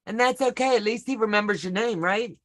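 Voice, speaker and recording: A woman's voice: medium pitch, a little fast. A woman hosting a craft video call, chatting casually with short affirming replies. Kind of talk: casual chat.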